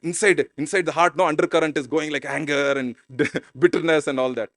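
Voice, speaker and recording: Man, pastor, casual conversational sermon, high voice, dry sound. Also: fairly even intonation, fairly quick, a bit bright, no echo. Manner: informal, conversational preaching. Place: church.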